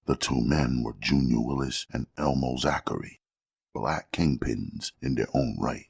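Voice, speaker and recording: A man narrating a crime novel audiobook in a steady, measured storytelling manner with a gravelly voice. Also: rumbling low, dry recording, clean studio sound.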